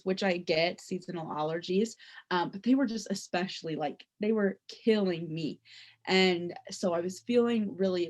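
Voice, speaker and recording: A young adult woman presents a personal story to her class. She talks in a loose, conversational way and leans on "like" and "um" as she goes. Her voice sits at an ordinary middle pitch. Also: darkish tone. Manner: conversational, with frequent "like" and "um" fillers. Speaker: student presenter.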